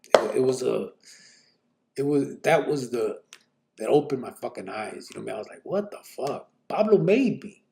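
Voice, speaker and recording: Guy telling his story on a live stream, gravelly dark voice, swears a lot, says "you know what i'm saying" all the time. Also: mid-range voice, animated, moderate pace.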